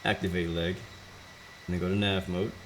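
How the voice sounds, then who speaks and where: A young man giving relaxed, chatty commentary while streaming a flight sim game, laughing easily. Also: low voice, normal speed, a little hiss or hum. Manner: laid-back, chatty, laughs often. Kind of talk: casual gameplay commentary.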